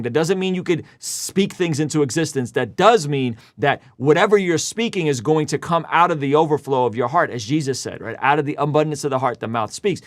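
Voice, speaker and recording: A man's voice: fairly high pitch, animated, normal speed, no echo, studio quality. A man hosting a commentary show, explaining a news story and reading Bible passages aloud. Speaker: host.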